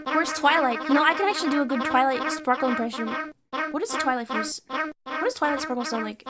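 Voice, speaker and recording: A woman's voice: high-pitched, a little fast, over loud music. A young woman streamer in casual chat, ranting with lots of swearing and laughter. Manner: profane, animated ranting with frequent laughs.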